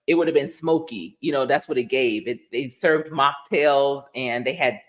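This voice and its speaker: A middle-aged woman, a life coach, talks casually to her livestream audience. She tells stories with lively energy, laughing often and slipping into the voices of the people she quotes. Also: very deep voice, normal speed. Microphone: livestream setup.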